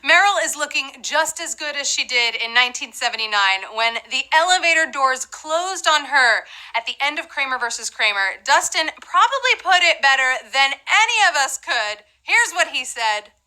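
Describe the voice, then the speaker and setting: A woman's voice: high voice, big pitch swings, moderate pace, few pauses, pushed and bright, rough recording. A woman hosting a live trivia game show, chatty and playful, with asides to the players.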